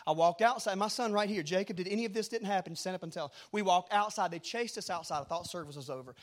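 A middle-aged man preaching a rambling sermon, moving from hushed storytelling to shouted exhortation. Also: high-pitched.

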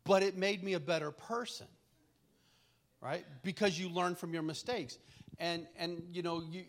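A middle-aged man delivers a sermon in a loose, conversational way, leaning on homespun stories about his family. His voice sits a touch high for a man, and he chuckles easily, often restarting his sentences as he goes. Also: fairly even intonation, normal speed. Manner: folksy, chuckling storyteller with frequent restarts. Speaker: preacher.

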